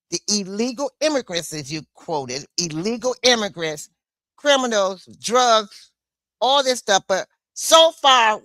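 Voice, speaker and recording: A woman livestreaming an angry political rant, blunt and swearing, with a slow, deliberate delivery. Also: a little high, fairly bright tone, no echo, clean studio sound.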